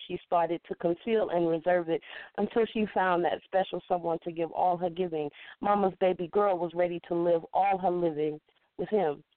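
A woman's voice: lowish voice, no room sound. A woman caller reciting her own spoken-word poem with a rhythmic, rhyming, conversational delivery. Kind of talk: spoken-word poetry recital over the phone. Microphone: phone. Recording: tinny, dry phone line.

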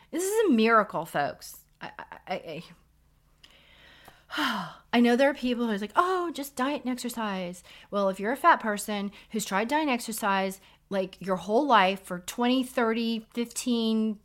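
A woman's voice: mid-range voice, a bit bright. A middle-aged woman, a nurse practitioner co-hosting a podcast, giving frank, emphatic health advice in a casual lecturing way.

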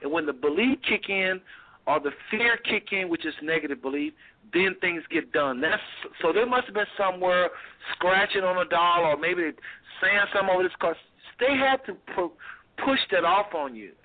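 A man's voice: high-pitched, lively intonation, normal speed. A man hosting a talk show, speaking colloquially and thinking aloud as he questions a guest. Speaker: host. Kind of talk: casual talk show on deliverance. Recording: tinny phone line.

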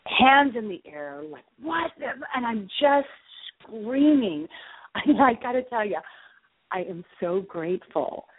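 Middle-aged woman, author guest, animated storyteller, heard over a dry phone line. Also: fairly high pitch, unhurried, slightly rough, no room sound. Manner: lively, acts out her own reactions. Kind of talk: casual storytelling in an interview.

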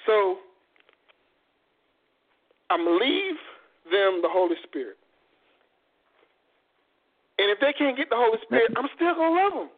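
A man's voice: very high-pitched, sing-song, a little slow, pauses often, exaggerated voice. A man voicing an exasperated loving God. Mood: exasperated, resolute. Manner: exasperated, resolute. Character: frustrated yet loving God, male. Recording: phone-like lo-fi audio.

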